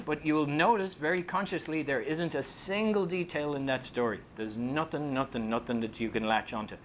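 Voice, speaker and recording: A man with an Irish accent giving a funny talk on public speaking, telling stories and acting out voices. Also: slight background noise. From Ireland. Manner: joking, storytelling, acts out voices and rises high when excited. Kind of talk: comic presentation to an audience.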